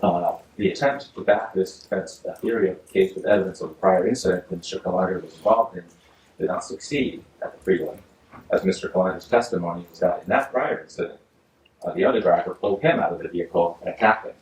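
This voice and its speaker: A male judge reading a ruling from the bench in a measured, formal way, often pausing with "uh". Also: low-pitched, a little mellow, far from the mic. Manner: measured, formal legal delivery with frequent uhs. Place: courtroom. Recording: echoey courtroom audio from afar, faint hiss.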